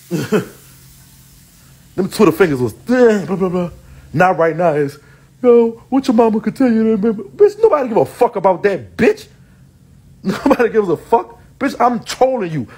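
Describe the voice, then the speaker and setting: A man ranting on a live stream, loud, taunting and profane, laughing often. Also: high-pitched, echoey room, recorded from a distance, rough recording. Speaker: social media personality.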